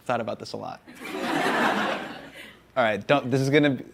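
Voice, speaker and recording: A man answering audience questions in a casual comedic Q&A, animated and joking, laughing often. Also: mid-range voice, moderate pace, creaky, noisy background.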